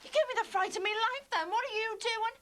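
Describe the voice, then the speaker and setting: An actress playing a blunt, sharp-tongued older woman. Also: very high-pitched, fast talker, very noisy. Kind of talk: soap opera acting.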